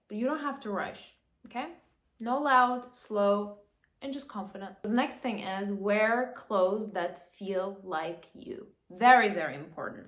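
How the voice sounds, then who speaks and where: A woman vlogger giving earnest, coaching advice in casual talk to camera, often checking in with "okay?". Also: mid-range voice. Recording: echoey room.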